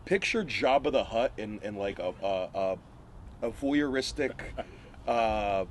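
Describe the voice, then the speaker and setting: A man's voice: lowish voice, lively intonation, slow, slight background noise. Rambling man telling wrestling stories. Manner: rambling, laughs often. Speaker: wrestler guest. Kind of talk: casual storytelling.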